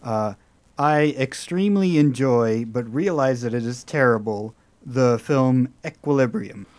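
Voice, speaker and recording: A man's voice: mid-range voice, unhurried, a little mellow, dry recording. A man chatting casually on a podcast with dry, wry jokes. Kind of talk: casual chat.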